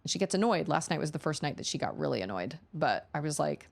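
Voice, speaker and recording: A woman streamer talking casually with her viewers in a low, gravelly voice. She tells stories in a chatty way and acts out the lines she quotes. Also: big pitch swings, fast talker. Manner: chatty storyteller acting out quotes.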